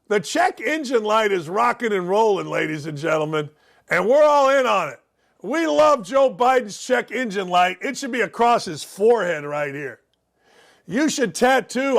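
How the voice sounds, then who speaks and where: A man's voice: high-pitched, sing-song, normal speed, creaky. A man hosting a sports talk show, ranting in a sarcastic, mocking way about sports and politics. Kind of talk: opinionated sports and politics rant.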